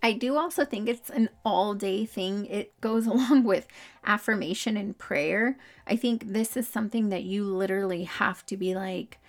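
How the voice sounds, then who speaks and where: A woman's voice: mid-range voice, moderate pace. A young adult woman hosting a casual solo podcast, chatty and upbeat, laughing often between her thoughts. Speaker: podcast host.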